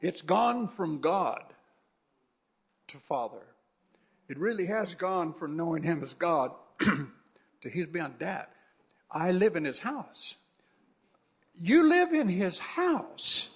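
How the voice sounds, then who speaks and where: Preaching to his congregation during a church service, this pastor exhorts them fervently and repeats phrases for emphasis. His husky, fairly high voice is animated, yet he takes it slowly and leaves long pauses.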